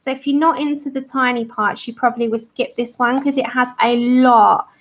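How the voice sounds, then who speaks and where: Lady streaming her colouring, chatty and keen, bit highish voice, dull lo-fi mic. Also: fairly even intonation, normal speed. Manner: chatty and enthusiastic, greets viewers by name. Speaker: livestream host of a colouring channel. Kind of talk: casual livestream chat with viewers.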